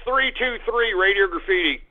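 A man hosting a call-in radio show, ranting loudly and cursing whenever he gets angry. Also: high-pitched, animated, normal speed, very noisy. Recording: lo-fi phone-like radio audio.

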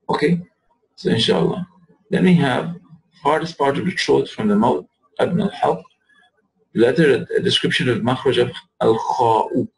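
A man with a gravelly, middle-range voice leads a recorded language lesson. He talks patiently and repeats words slowly to show their pronunciation. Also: mid-range voice, darkish tone, poor audio. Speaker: Arabic teacher.

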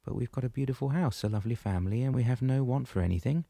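A man voicing a calm, caring mother who speaks soothingly. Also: medium pitch, rapid-fire, vocal fry, no room sound, clean studio sound, pitched above the performer's own voice.

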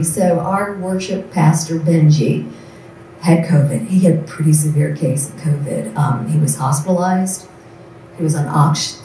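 Speaking in a mellow, lowish voice, a nurse shares testimony stories earnestly in a big event hall, slipping into the voices of those she quotes. The mic picks her up from far off amid heavy reverb and faint ambient noise.

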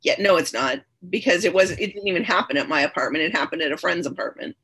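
A woman with a husky, somewhat low voice speaks as a podcast guest. She recounts her own story in an earnest, candid way and repeats phrases for emphasis. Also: fast, fairly bright tone. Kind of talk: personal storytelling in conversation.

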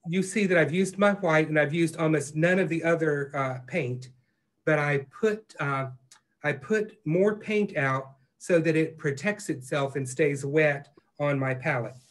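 A man teaching a live online painting class, talking in a relaxed, reassuring way with plenty of fillers. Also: a little high, a little slow. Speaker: painting instructor.

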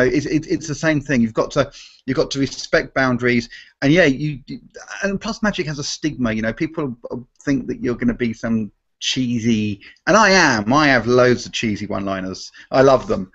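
A man's voice: mid-range voice, animated, moderate pace, fairly bright tone, lo-fi sound. A man, a magician guest in a live Q&A, talking animatedly and restarting his sentences often. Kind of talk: live Q&A chat.

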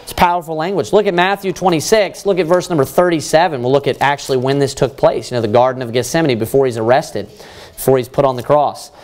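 A man, a pastor, preaching a Bible study sermon, reading verses slowly and then explaining them in plain words, rising in force to stress his points. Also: darkish tone. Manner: rises in pitch and force when stressing points.

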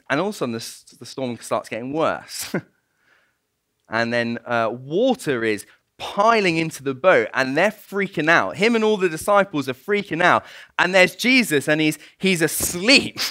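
A man preaching a sermon, spinning a story with lively, swooping intonation and a bright, forceful tone. He sits a little high for a man, and the sound is dry and close. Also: moderate pace, no echo. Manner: storytelling, animated, laughs often. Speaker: guest preacher.

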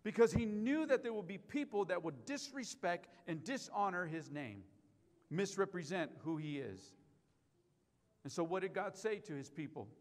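High-voiced pastor preaching in a reverberant church. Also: male voice, animated, normal speed. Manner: emphatic preaching, repeats key lines, asks the church questions. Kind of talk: sermon. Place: church sanctuary. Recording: live stream with long hall reverb.

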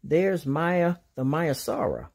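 A man's voice: on the high side, lively intonation, slow, creaky, a little mellow, slightly rough, voice pushed up, exaggerated voice. A man voicing a studious young girl in a children's storybook, explaining facts. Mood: informative. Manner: explaining, informative. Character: studious girl who reads dinosaur facts.

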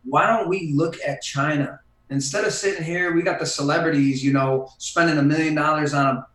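A man, a guest on a podcast in casual conversation, opinionated and emphatic, often slowing down to stress his points. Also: a little high, fairly even intonation, a bit bright, echoey room, poor audio.

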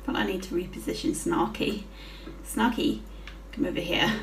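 A woman's voice: fairly low pitch, moderate pace, far from the mic, slight background noise. A woman giving casual gameplay commentary, swearing freely and giggling often as she plays. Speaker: gaming channel host. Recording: roomy with faint music.

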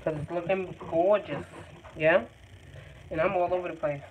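A woman's voice: lowish voice, fairly even intonation, moderate pace. Chatty woman teaching painting over a tinny line. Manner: chatty, encouraging, loose and informal. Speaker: art tutor. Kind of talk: live painting tutorial. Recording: tinny phone-like sound, faint noise.

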